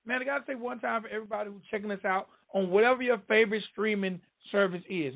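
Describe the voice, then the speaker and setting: A man's voice: high voice, brisk, gravelly, narrow, tinny audio. A man with a Southern drawl hosting a radio interview show, talking in emphatic, repetitive promo patter. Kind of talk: hyped-up podcast interview hosting.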